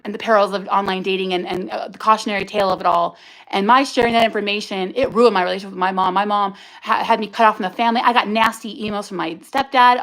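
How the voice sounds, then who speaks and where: This livestream host has a medium-pitched, somewhat bright voice, heard through a rough recording. She tells an emotional personal testimony, raw and angry, cursing and talking in bursts.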